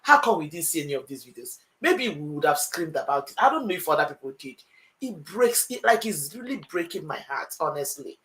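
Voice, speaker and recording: A woman's voice: low voice, big pitch swings, a little fast, fairly bright tone, rough recording. A woman with a Nigerian accent speaking on a talk show panel, hesitant and heartfelt, with many fillers. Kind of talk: emotional panel discussion.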